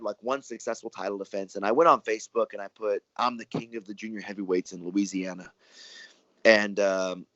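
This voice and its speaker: A man, a wrestler telling stories in a relaxed interview, rambling and acting out what others said. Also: lowish voice, no room sound. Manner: rambling, animated, acts out quoted dialogue. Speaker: professional wrestler and guest. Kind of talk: casual storytelling interview. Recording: dry, muffled lo-fi audio.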